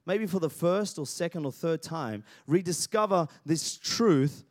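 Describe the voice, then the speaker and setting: Brief: male pastor, thirties, higher-pitched voice, sermon with call-and-response. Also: expressive, unhurried. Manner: call-and-response preaching, swings from quiet to loud.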